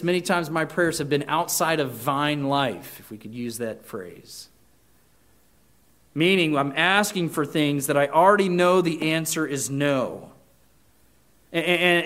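Earnest preaching man, somewhat high voice. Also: a bit bright. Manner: earnest, rising to emphatic peaks. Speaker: pastor. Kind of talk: sermon.

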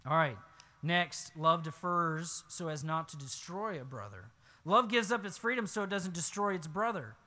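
In this expository sermon, the male pastor reads verses aloud before breaking them down. His delivery shifts from soft asides to emphatic, raised-voice exclamations.

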